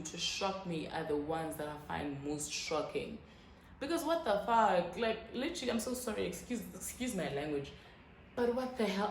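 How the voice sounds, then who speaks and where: A low-voiced South African YouTuber in her twenties tells a casual storytime vlog, lively and quick to swear as she acts out others' words in quick bursts. Her room is echoey, with a faint hum behind her.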